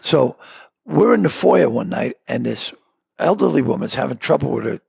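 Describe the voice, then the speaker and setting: An older man, a comedian guest, telling rambling, excitable anecdotes with loud punchlines. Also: medium pitch, moderate pace, vocal fry, husky, dry recording. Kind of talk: anecdotal storytelling in a chat.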